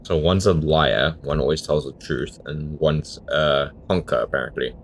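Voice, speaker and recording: A man with an extremely deep, low voice narrates his way through a video game. He reads the on-screen text aloud and drops bemused little comments between lines. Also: fairly even intonation, moderate pace, a little hiss or hum. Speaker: gamer. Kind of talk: let's play commentary.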